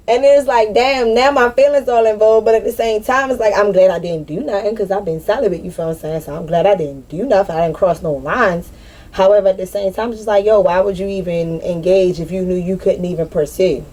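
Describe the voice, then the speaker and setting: A woman talking candidly in a personal vlog, slangy and animated, swearing and laughing at herself. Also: medium pitch, fairly quick. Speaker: spiritual vlogger.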